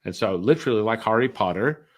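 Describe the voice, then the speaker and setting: Middle-aged male storyteller, lowish voice, chatty interview guest, does the other people's voices. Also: fast talker. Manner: animated storyteller acting out quoted voices. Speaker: spiritual healer guest.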